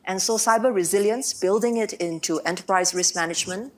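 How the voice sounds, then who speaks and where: A woman government minister answering on a panel in a measured way, with frequent "um" and "you know". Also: mid-range voice.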